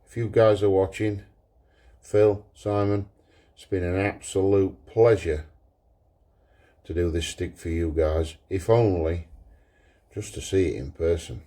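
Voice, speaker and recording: A man, a pipe maker talking through his workshop repair in a relaxed, thinking-aloud way. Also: sits low, unhurried. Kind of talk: workshop vlog.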